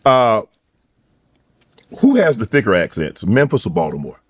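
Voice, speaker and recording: A middle-aged man with a thick rural South Georgia accent hosts a sit-down interview. His voice sits a little on the low side, and he talks in an unhurried drawl that often stumbles and restarts mid-phrase. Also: wildly swooping pitch, husky. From rural South Georgia, USA. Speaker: host. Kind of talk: podcast interview.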